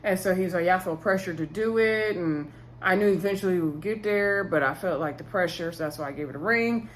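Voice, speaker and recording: A woman's voice: fairly low pitch, brisk, a little hiss or hum. A woman casually recapping a reality dating show, chatty and opinionated, retelling scenes in her own words.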